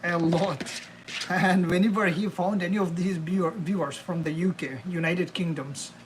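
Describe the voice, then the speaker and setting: A man's voice: sits high, fairly even intonation, moderate pace, background noise. A young man live streaming while he cooks, chatting to his viewers in a rambling way and calling them bro and man. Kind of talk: casual live-stream chat while cooking. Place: home kitchen.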